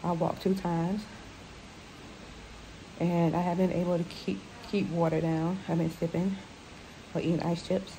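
A woman vlogging from a hospital room after surgery, out of breath with a sore throat, talking quietly and tiredly into her phone. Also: fairly low pitch, flat delivery, measured pace, pauses often. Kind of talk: casual video diary. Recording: noisy background hiss.

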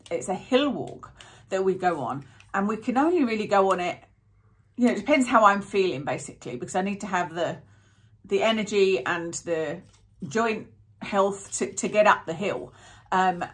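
A woman's voice: lowish voice, fairly bright tone. A woman chatting through a product review in a rambling, self-interrupting way. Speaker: beauty vlogger.

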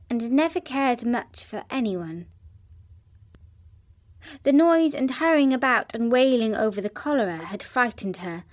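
Synthetic-sounding lady reading a kids story, slow n gentle. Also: on the high side. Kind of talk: children's storybook narration.

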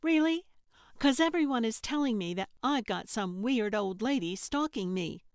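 A woman voicing a sharp-tongued young woman dancer who sounds snappish and incredulous. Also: mid-range voice, expressive, takes it slowly, no room sound, clean studio sound, voice pushed up.

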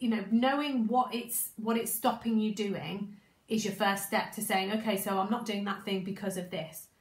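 Woman, croaky, chatty coach, mid pitch, echoey room. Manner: chatty, repeats and restarts, acts out inner thoughts. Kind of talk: casual spoken training talk.

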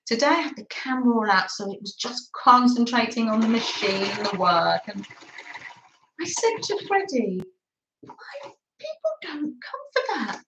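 An English woman hosting a live craft stream, chatting warmly and giggling as she greets viewers by name from her sewing table. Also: a little high. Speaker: craft livestream host. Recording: roomy echo.

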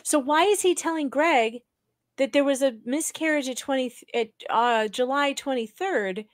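Woman on a livestream picking apart a story, kinda high voice, dry sound. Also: moderate pace, dry recording. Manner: skeptical, argues point by point with restarts. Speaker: livestream host. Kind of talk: casual live-stream commentary.

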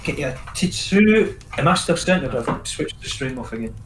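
Male streamer, high and lively, sweary, echoey voice chat. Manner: sweary, quick to get worked up. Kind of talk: casual gaming chat. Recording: roomy echo, faint background noise.

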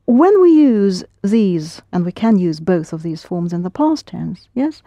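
A woman's voice: on the low side, sing-song, a little slow, dark tone, no room sound, dull audio. Patient woman teaching a language lesson. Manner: patient, explains step by step, prompts and corrects.

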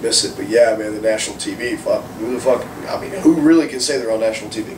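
A male wrestler chatting casually in an interview, animated and swearing freely. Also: fairly low pitch, quick pace. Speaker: professional wrestler guest. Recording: roomy, distant mic with background noise.

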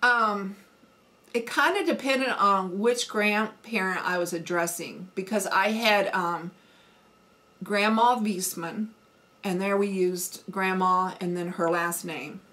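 A woman's voice: medium pitch, slow, sharp tone. Middle-aged Midwestern woman, homesteading vlogger, folksy and chatty, easy ums. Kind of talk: casual accent challenge chat.

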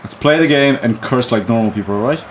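A man's voice: mid-range voice, fast talker, slight background noise. Teasing young man cheering shots. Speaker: gamer. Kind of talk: casual banter over a football video game. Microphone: studio mic with spit guard.

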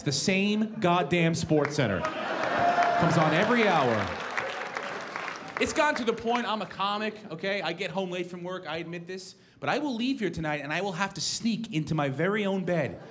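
A man's voice: high voice, lively intonation, moderate pace, a bit bright. A male stand-up comedian from New York with a New York accent, ranting in a profane, exasperated way and acting out bits of dialogue. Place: comedy club stage before a live audience. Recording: live club recording with crowd and room noise.

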